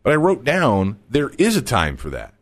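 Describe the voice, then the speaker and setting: A man's voice: mid-range voice, wildly swooping pitch, normal speed. A man with a Texas accent hosting a radio talk show, talking in an emphatic, conversational way into a studio microphone.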